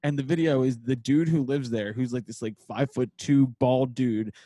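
A man's voice: mid-range voice, moderate pace, no room sound. A young man co-hosting a podcast in casual chat, telling stories with acted-out quotes and lots of swearing. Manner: animated storyteller, acts out quotes, swears freely. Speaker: podcast co-host.

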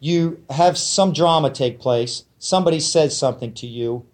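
A man's voice: on the high side, normal speed, darkish tone. A man teaching a spiritual lecture to a live audience. He talks emphatically and conversationally, often checking in with his listeners.

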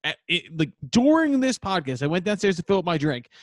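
A man's voice: high-pitched, big pitch swings, a little fast, no echo. A man with a Philadelphia accent co-hosting a podcast in casual banter, swearing freely and packing his talk with fillers. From Philadelphia area. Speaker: podcast co-host.

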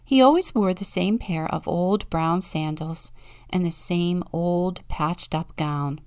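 A woman deacon reading a children's Bible story and a picture book aloud, in a gentle storytelling manner with soft whispered moments. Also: fairly low pitch, slow, clean tone, no echo.

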